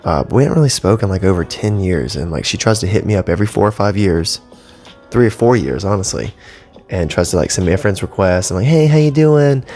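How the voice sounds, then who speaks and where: A man in his thirties hosts a casual solo podcast from a home studio strewn with cables, using a podcast mic. He talks bluntly and fast, with lots of swearing and rambling asides, in a low, darkish voice over faint background music.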